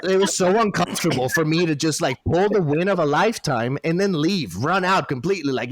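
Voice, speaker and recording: Animated man with a slightly high voice. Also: fairly quick, no room sound. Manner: animated, self-mocking storytelling. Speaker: podcast guest and goalkeeper. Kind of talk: casual podcast chat.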